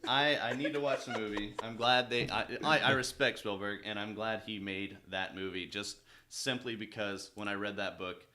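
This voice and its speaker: A man's voice: fairly low pitch, fairly even intonation, normal speed, few pauses, background noise. A man co-hosting a casual movie podcast, talking in an easygoing way with hesitant restarts. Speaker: podcast co-host. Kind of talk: casual chat among friends.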